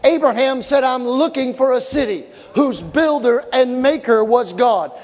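A man preaching a sermon with fervent shouting and call-and-response to the congregation, recorded in a large church hall. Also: extremely high pitch, a little slow. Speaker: pastor. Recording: echoey hall with live congregation.

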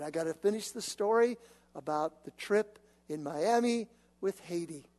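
A man preaching a sermon, telling stories in an animated, conversational way. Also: on the high side, normal speed. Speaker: pastor. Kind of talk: sermon with personal storytelling. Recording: long reverb of a large hall.

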